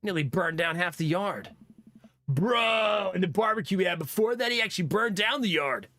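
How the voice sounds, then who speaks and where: A man's voice: medium pitch, moderate pace, fairly bright tone, close to an everyday voice. A man voicing a laid-back, easygoing suburban dad who calls people bro.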